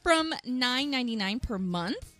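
A woman's voice: a little high, lively intonation, a little slow, fairly bright tone, faint music behind. A woman co-hosting a radio show, upbeat and giggly as she presents light news items. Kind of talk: reading news items on air.

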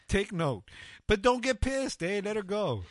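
A middle-aged man co-hosting a radio talk show, animated and joking, swearing freely in casual banter. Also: sits high, a little slow, no echo, studio quality. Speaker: co-host.

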